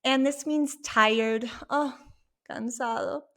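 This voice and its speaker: A woman teaching an online language lesson from home, sounding out each word slowly and checking in with "okay?". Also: fairly high pitch, a bit bright. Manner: slow, drawn-out demonstration of words with frequent "okay?" checks. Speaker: Spanish teacher.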